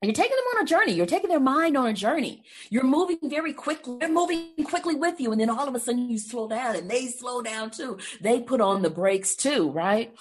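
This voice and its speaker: A woman hosting a podcast interview. She speaks in measured, rhythmic phrases and affirms what her guest says. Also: fairly high pitch, expressive, husky. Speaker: podcast host.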